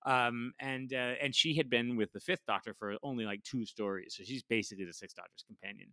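Bright-voiced man chatting casually. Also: medium pitch, a little fast, dry recording. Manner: rambling, laughs often, many fillers. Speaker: podcast co-host. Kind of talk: casual chat. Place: lives in Washington, D.C.

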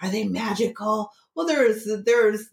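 A woman's voice: medium pitch, expressive, unhurried, vocal fry. A middle-aged woman guest telling a personal story in a casual interview, acting out the voices of the people she quotes. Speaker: interview guest, tarot teacher. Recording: roomy echo.

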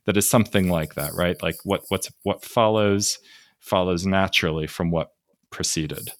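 A podcast host who asks probing questions about a poem, halting and correcting himself as he goes. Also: low voice. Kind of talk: casual podcast discussion of a poem.

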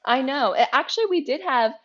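A woman co-hosting a podcast, chatting casually and telling stories with animated delivery. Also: high-pitched, a little fast, highs cut off. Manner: animated storyteller, acting out others' lines. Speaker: podcast co-host. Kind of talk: casual chat.

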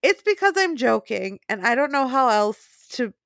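A woman's voice: fairly high pitch, big pitch swings, gravelly, fairly bright tone, no room sound, studio quality. A woman co-hosting a casual chat podcast, laughing often as she talks. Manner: laughs often, unhurried and giggly. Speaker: podcast co-host.

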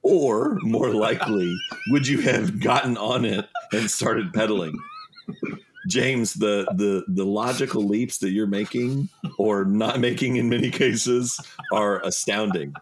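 Wry low-voiced man teasing. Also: measured pace, slight background noise. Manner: wry, teasing, with mock-formal wording. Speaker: podcast co-host. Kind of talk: casual chat.

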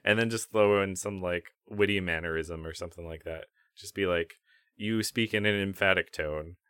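A man's voice: low voice, normal speed, fairly bright tone, clear, resonant tone, dry recording, studio quality. A man co-hosting a gaming podcast in casual chat, rambling with fillers and laughing often. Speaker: podcast co-host.

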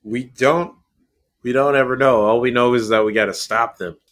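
Excitable, laughing male podcast host. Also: mid-range voice. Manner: excitable and laughing, quick to swear and exaggerate. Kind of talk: casual chat.

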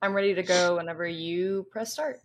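A young woman with a lowish voice co-hosts a podcast at a brisk clip. She chats casually, gushing and rambling like an eager, enthusiastic fan.

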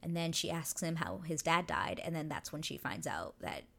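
A young woman with a lowish voice recaps a TV episode scene by scene. Her delivery swings up and down with animated excitement, and she gushes and swears freely as she chats. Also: normal speed, gravelly.

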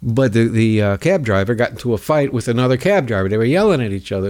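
A man's voice: medium pitch, expressive, fast, few pauses, a little mellow. A man hosting a political talk show, delivering a rambling, sarcastic monologue and mocking his opponents in put-on voices.

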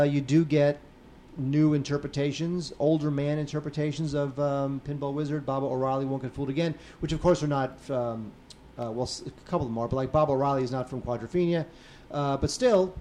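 Mellow-voiced man chatting on a podcast. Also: a little high, slight background noise. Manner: chatty, trails off into fillers. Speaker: podcast co-host. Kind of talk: casual chat about home video releases.

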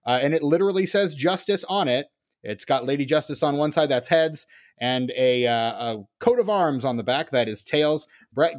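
A man co-hosting a podcast in casual chat, joking and rambling with lots of fillers. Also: a little high. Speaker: podcast co-host.

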